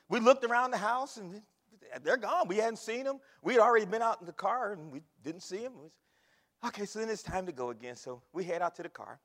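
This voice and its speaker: A man with a high, bright voice preaches, swinging between quiet storytelling and shouts of praise. His voice swoops widely in pitch and rings out through a church hall with a long echo. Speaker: pastor. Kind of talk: sermon. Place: church sanctuary.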